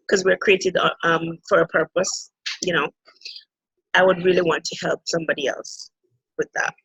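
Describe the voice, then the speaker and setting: A woman's voice: fairly low pitch, steady tone, unhurried, pauses often, husky, no echo, lo-fi sound. A woman with a Jamaican accent, a conference organizer chatting casually and laughing easily. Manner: warm, laughing and effusive. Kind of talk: casual conversation.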